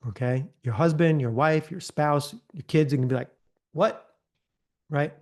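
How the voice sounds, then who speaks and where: Speaking a bit fast in a higher-than-average voice, a man conducts a live online training over video call. He keeps the coaching conversational, often checking in with "okay?" and "right?"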